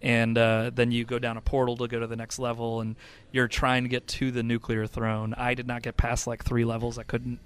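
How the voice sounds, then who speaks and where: A man's voice: mid-range voice, monotone, a little fast, hardly any pauses, clear, resonant tone. A man co-hosting a casual podcast chat about games, rambling with lots of fillers and restarts. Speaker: podcast co-host.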